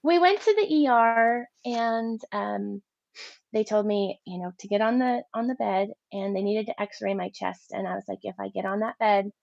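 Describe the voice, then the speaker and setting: Woman with a gravelly creak, lo-fi. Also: medium pitch, normal speed, no room sound. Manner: animated storytelling, voicing her own past thoughts. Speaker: interview guest. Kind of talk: personal faith testimony. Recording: dull lo-fi dry sound.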